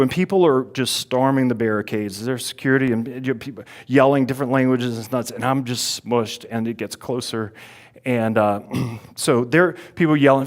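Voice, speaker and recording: A man from South Louisiana tells a personal story at a church event. His voice sits at an ordinary pitch, and his talk is casual and animated. He acts out his own reactions as he goes. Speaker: speaker at a Catholic Advent mission.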